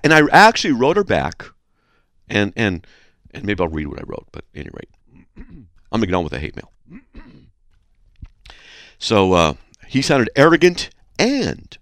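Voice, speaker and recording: A man hosting a radio show, reading listener mail aloud with sarcastic, animated commentary and frequent throat clearing. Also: on the low side, no echo, clean studio sound.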